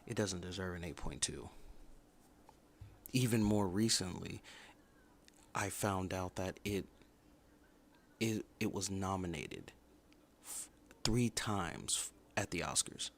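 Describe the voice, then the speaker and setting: A man's voice: low voice, animated, slow, creaky, pauses often. A man hosting a casual livestream review, giving blunt opinions and repeating points for emphasis. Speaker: livestream host reviewing a TV show.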